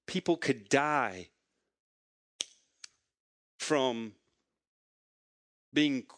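A pastor delivers his sermon in a man's slightly high voice, leaning on repetition and storytelling. The sound is close and dry, with no room in it. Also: fairly bright tone, no echo. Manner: conversational storytelling preacher, repeats phrases for emphasis.

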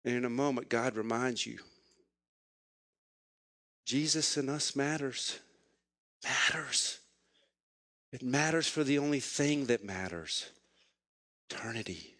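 A middle-aged man preaches to his congregation, weaving a personal story into an earnest, emotional sermon. His voice sits in an ordinary middle pitch. The sound is close and dry, with no room echo. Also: slow, pauses often, a bit bright. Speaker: pastor.

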